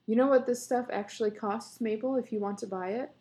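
A woman's voice: on the high side, fairly even intonation, brisk, dark tone, close to an everyday voice. A woman reading as a proud, teasing beekeeper husband. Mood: boastful. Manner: coaxing, patient, boastful.

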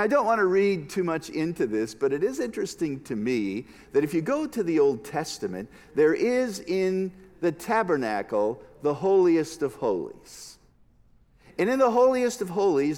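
A man preaching a sermon as a pastor, expressive, moving from hushed lines to emphatic ones. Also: a little high, long reverb tail.

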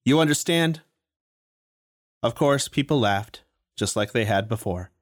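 A man reading a story aloud in a steady, even storytelling manner. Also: on the low side, moderate pace, no echo, clean studio sound. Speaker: audiobook reader. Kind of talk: storytelling narration.

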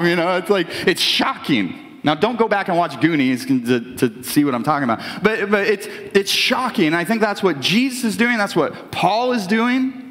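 Guy giving a casual sermon, kinda high voice, lots of restarts, big reverby church hall. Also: expressive, normal speed, hardly any pauses, a bit bright. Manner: conversational preaching with many restarts, voices imagined characters. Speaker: pastor. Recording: long reverb of a large hall.

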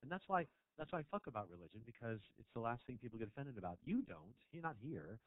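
A man doing a stand-up set in a small club, teasing the crowd, swinging between low mutters and loud shouts. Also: big pitch swings, fast, dry recording. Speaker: stand-up comedian. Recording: dry, tinny phone-like sound.

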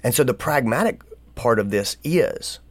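A man's voice: medium pitch, animated, normal speed, no echo. A man co-hosting a podcast, giving earnest advice in casual talk, full of rhetorical questions and small stories. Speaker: podcast co-host.

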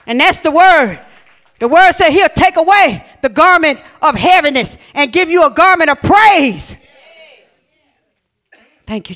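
Woman preaching hard, big swoopy pitch, shouty then soft, gets the church repeating after her. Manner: exuberant, swings from shouting to hushed reading; calls out and has the congregation repeat lines. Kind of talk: Pentecostal-style sermon.

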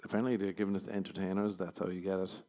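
Talking very fast in a warm, low voice that barely shifts in pitch, a young stand-up comedian from Ireland rambles through his podcast monologue. It's casual, crude, and self-deprecating, and his voice is tired from overuse.

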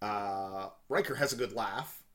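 A man's voice: fairly low pitch, a little slow, fairly bright tone. A man co-hosting a podcast in casual chat, joking and often restarting his sentences. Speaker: podcast co-host.

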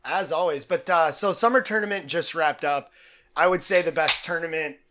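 A man's voice: a little high, normal speed, noisy background. A man co-hosting a sports podcast in a casual chat, rambling and enthusiastic with plenty of fillers. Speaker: podcast co-host.

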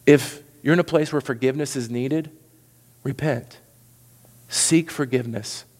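A man's voice: medium pitch, a little slow, a little mellow. Earnest male pastor in a reverberant hall. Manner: earnest, repeats words when pressing a point. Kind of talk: sermon.

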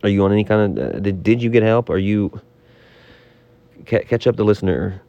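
A man co-hosting a comedy podcast, halting and exasperated as he tries to keep the talk on track. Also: fairly low pitch, dark tone, no room sound, dull audio.

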